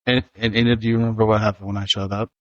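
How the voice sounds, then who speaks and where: Low-voiced dad telling stories. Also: male voice, flat delivery, fast talker, a bit bright, no room sound, muffled recording. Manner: storytelling, laughs easily. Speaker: host, father. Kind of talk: casual family podcast chat.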